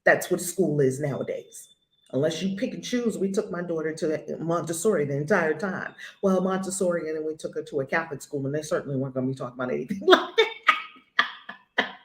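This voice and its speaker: A woman's voice: low voice, fairly quick. Blunt older woman teaching, roomy sound. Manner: blunt, emphatic, repeats key phrases. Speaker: spiritual teacher. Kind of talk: spoken spiritual lesson.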